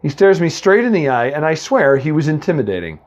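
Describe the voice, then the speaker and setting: A man's voice: a little high, sing-song, brisk, dull audio. A man from the Boston area reading a comic first-person story, rambling and chatty with lots of asides to the listener.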